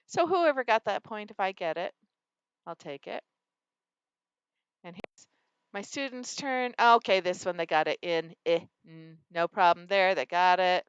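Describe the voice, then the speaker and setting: Woman, reading teacher, classroom phonics game walkthrough, lively, dry recording. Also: medium pitch, dry recording, highs cut off. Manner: animated, acts out student answers.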